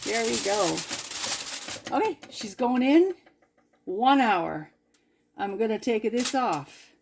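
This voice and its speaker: A woman's voice: on the high side, animated, slow, creaky, noisy background. A woman chatting casually through a cooking demonstration in her home kitchen. She is goofy and rambling, and talks to herself as she works. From Canada. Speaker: cooking vlogger.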